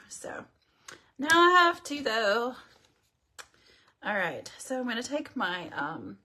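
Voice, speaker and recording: A woman's voice: mid-range voice, big pitch swings, measured pace, bright, forceful tone. A woman hosting a casual makeup tutorial livestream, chatting and rambling to her viewers as she works. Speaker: beauty livestream host.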